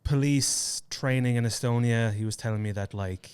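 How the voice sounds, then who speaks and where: A man's voice: mid-range voice, moderate pace, darkish tone, clean tone. Irish man, casual and swearing. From Ireland. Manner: loose, profane storytelling. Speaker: podcast co-host. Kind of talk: casual chat.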